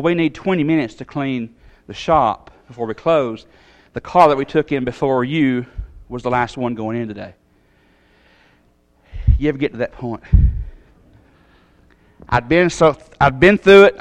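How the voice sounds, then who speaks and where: A man from Tennessee, telling a personal story in a sermon, acting out the voices and swinging from loud to soft. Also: medium pitch.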